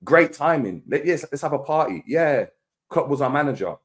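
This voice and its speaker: A man's voice: fairly high pitch, lively intonation, moderate pace. A man on a football fan panel, arguing his point emphatically. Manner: argumentative, emphatic. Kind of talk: casual podcast chat.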